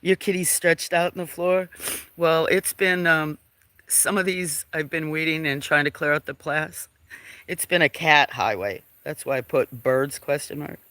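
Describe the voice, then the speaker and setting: A man's voice: a little high, fairly even intonation, unhurried, pushed and bright, no room sound. A man hosting a casual outdoor farm livestream, sniffling a little and rambling as he greets viewers from chat by name, now and then dropping to a whisper. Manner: rambling, friendly, reading chat names aloud, sometimes whispering. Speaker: livestream host. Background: birds.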